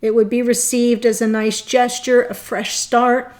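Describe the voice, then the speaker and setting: A woman giving a tarot reading to her viewers, earnest and thinking aloud, often pausing between short phrases. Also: fairly high pitch, level tone, darkish tone. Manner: addresses viewers directly. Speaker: tarot reader.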